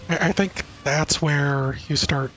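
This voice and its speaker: A man's voice: a little high, steady tone, unhurried, a bit bright, faint music behind, poor audio. A man from the northwest United States chatting casually while gaming, thoughtful and trailing off with fillers. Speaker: gamer on voice chat.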